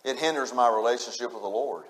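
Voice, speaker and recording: A man's voice: medium pitch, fast, a bit bright. A man preaching a sermon, repeating his points with emphasis and speaking straight to the congregation. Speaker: pastor.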